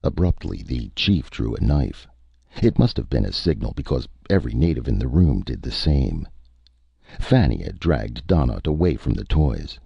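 A man reading a science fiction audiobook in a measured, expressive way. His voice is extremely deep and gravelly with a husky grain, lively in pitch. The recording is dry and dull, like lo-fi audio. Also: no echo. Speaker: narrator. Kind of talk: audiobook narration.

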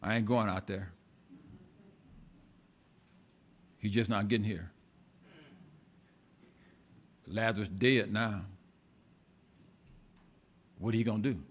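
A man's voice: fairly low pitch, steady tone, moderate pace, pitched below the performer's own voice, lightly acted. A male preacher voicing a despairing woman who mutters bitterly and resigns herself.

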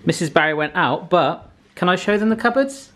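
A man's voice: sits high, animated, brisk, fairly bright tone. A man hosting a casual vlog, chatty and jokey. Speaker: vlog host.

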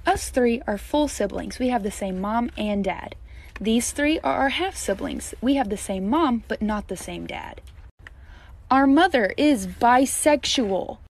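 A woman's voice: on the high side, animated, measured pace, gravelly. A woman talking casually to camera, explaining things step by step. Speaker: TikTok creator.

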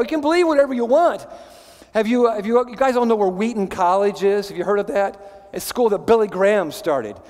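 High-voiced animated male pastor. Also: long reverb tail. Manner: animated, conversational, many restarts. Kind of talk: sermon. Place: church sanctuary.

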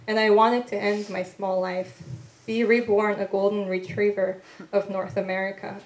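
A woman from Korea reading her poems aloud at a live literary event, slow and deliberate with pauses between lines, with soft, tentative asides between poems. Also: mid-range voice, little pitch movement. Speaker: poet reading her work. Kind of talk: poetry reading. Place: event room at a literary venue. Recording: echoey live event room.

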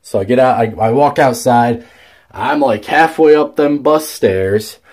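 A man's voice: medium pitch, measured pace, a little mellow. A young man telling a story in a casual vlog, rambling with many fillers and restarts and swearing freely. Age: young adult. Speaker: vlogger.

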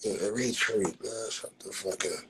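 Through a very noisy phone livestream mic, a man with a fairly low voice speaks a little slowly as he hosts a casual roast rant. He mocks people with plenty of profanity and keeps using "blood" as a filler word.

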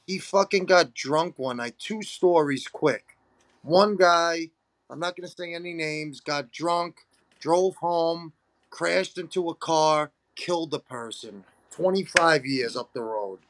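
A man's voice: fairly high pitch, a bit bright, no room sound. Blunt, profane man. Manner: blunt and profane, calls the guest "bro". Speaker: podcast host. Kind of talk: casual chat.

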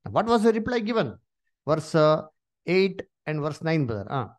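A man leads a Bible study. His pitch rises and falls in a lively way, and he keeps asking questions and leaning on "you see" and "uh" between phrases. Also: moderate pace. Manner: many "uh" and "you see" fillers, rising questions to listeners.

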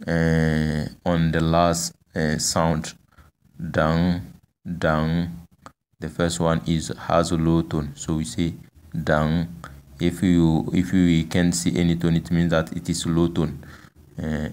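A man with a very deep voice gives a language lesson, speaking slowly and flatly. He repeats each word with patience and pauses often to hesitate. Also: clear, resonant tone. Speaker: language teacher. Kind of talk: slow spoken language lesson.

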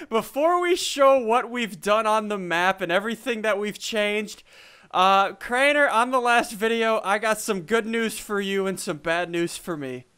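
A young man with a fairly high voice hosts a laid-back gaming session. He jokes with his partner, stumbles and restarts his words, and breaks into laughter easily. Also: animated, unhurried, pushed and bright, clear, resonant tone. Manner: stammering, joking, laughs often. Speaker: host. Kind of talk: casual gaming commentary.

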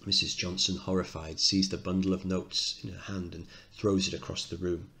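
A man's voice: deep voice, little pitch movement, normal speed, sharp tone, breathy edge. A male teacher reading stage directions and explaining a play to students, posing guiding questions.

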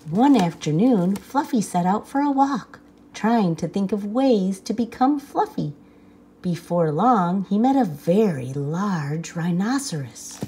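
A woman reading a children's picture book aloud with expressive storytelling. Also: mid-range voice, slight background noise. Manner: slow, lively, expressive reading.

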